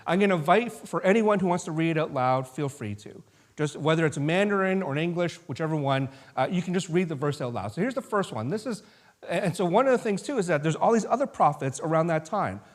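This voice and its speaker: Speaking fast in a slightly high, expressive voice, a man guides a Bible study as pastor in the church sanctuary. It's a loose, informal sermon, full of asides and sentences he starts over.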